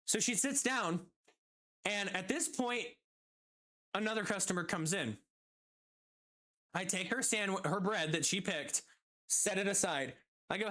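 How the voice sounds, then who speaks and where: A streamer telling a work story casually, quick and animated, acting out the quotes. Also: medium pitch.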